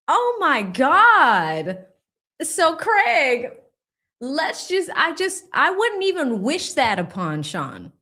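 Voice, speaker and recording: Slow-talking woman host reading chat. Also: sits high. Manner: reads viewer super chats aloud, laughing and mocking; animated impressions of people she discusses. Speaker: livestream host. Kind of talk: casual livestream commentary.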